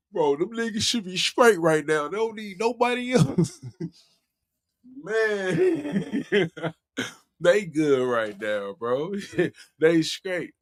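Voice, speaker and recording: A man's voice: high voice, animated, extremely slow, pauses often. A man hosting a casual livestream, talking in loose slang, swearing freely and laughing often. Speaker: livestream host.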